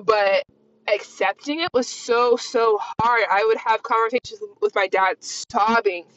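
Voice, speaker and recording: A woman's voice: fairly high pitch, unhurried, fairly bright tone, no echo. A candid young woman in her twenties rambles through a casual solo podcast, leaning on "like" as she thinks aloud. Her voice is recorded close and dry, with a slightly dull, lo-fi tone. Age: 20s. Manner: rambling, candid, heavy use of "like". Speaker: podcast host.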